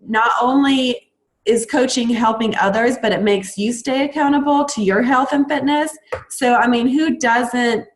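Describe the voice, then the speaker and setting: A woman's voice: on the high side, rough recording. A young adult woman, a fitness coach, talking enthusiastically on a recruiting call, with frequent ums.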